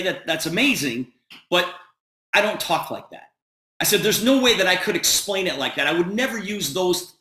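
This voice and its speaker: A man giving a sales presentation on a video call, telling an animated story and quoting the dialogue. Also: high-pitched, reverberant.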